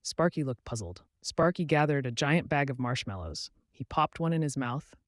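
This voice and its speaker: A man narrating children's stories in a playful, expressive way. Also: medium pitch, moderate pace, dry recording, clean studio sound. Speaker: storyteller. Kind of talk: scripted children's story narration.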